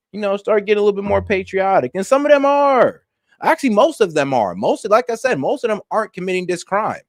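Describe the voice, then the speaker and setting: A man's voice: on the high side, no echo, clean studio sound. A man hosting a stream, reacting to news clips in blunt, slangy, casual talk aimed straight at his viewers.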